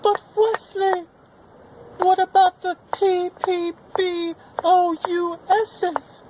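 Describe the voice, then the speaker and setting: A woman's voice: extremely high pitch, little pitch movement, slow, mellow. A woman in an amateur fan reenactment playing a young princess bride, pleading and tearful, recorded off-mic. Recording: noisy home recording, off-mic.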